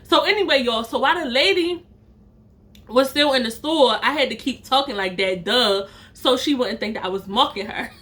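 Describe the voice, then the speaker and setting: Speaking to her audience as a storytime vlogger, this young woman keeps things playful and loose, often laughing at her own jokes. Her voice is a bit high, bright and forceful, and she talks at a normal speed.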